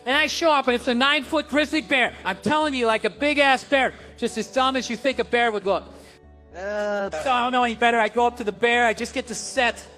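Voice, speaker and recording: A man performing a stand-up comedy set, animated and acting out voices, sometimes jumping to a shout. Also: extremely high pitch, a little fast, soft background music. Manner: animated, acts out voices, big swings to shouting.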